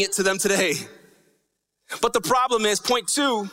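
A man's voice: high-pitched, moderate pace, bright, forceful tone. A man preaching a sermon as pastor, talking conversationally with frequent "right?" asides and a lilting, sing-song cadence on key lines. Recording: long reverb of a large hall.

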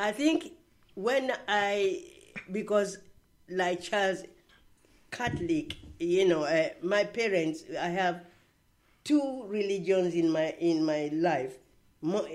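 A woman's voice: fairly low pitch, slow. An older woman with a foreign accent, telling stories in a casual chat, full of fillers and restarts. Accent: foreign-accented English. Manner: warm storytelling, many "you know" fillers and restarts. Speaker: interviewee.

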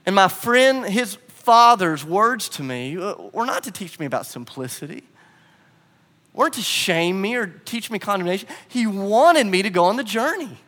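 A man preaching a sermon as pastor, animated in his storytelling and acting out the quotes. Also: high voice, normal speed, in a large hall.

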